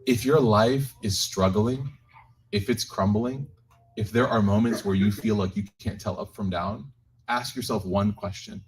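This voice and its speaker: In an unhurried, lowish voice with some hiss or hum, a man leads a live-streamed Quran reflection at a community gathering. He's an animated storyteller, joking and sharing personal stories as he speaks directly to those listening.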